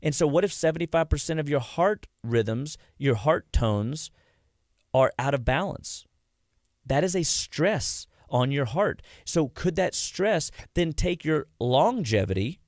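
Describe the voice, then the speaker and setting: Guesting on a radio show, a man talks casually about heart health and acts out quotes from his patients' stories as an animated storyteller. His voice is a little high and a little slow, captured in a dry, studio-quality recording.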